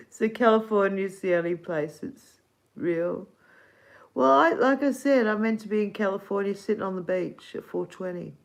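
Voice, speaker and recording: A woman's voice: medium pitch, expressive, a little slow, vocal fry, long pauses, rough recording. A middle-aged Australian woman hosting a casual livestream, rambling and giggly, swearing casually. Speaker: livestream host.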